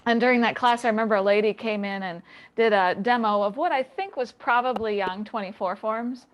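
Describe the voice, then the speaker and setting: A middle-aged woman, a tai chi instructor, telling her story as a guest in a relaxed, reflective way with light laughs, calling in from a home basement. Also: fairly high pitch, brisk. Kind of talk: remote interview, personal story.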